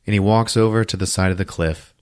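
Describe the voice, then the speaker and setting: A man on a podcast excitedly retelling a movie plot, swearing freely and acting out the characters' lines in put-on voices. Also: deep voice, fast talker, smooth, dry recording, studio quality. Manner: profane, acts out lines in voices, laughs often. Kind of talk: animated casual movie recap.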